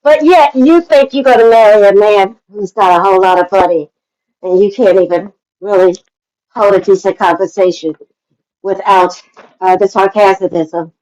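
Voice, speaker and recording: A woman's voice: mid-range voice, moderate pace, darkish tone, rough recording. A woman in her seventies, a guest on a livestream panel, scolding and talking over another guest in a heated argument. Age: 70s. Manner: scolding, condescending, talks over others.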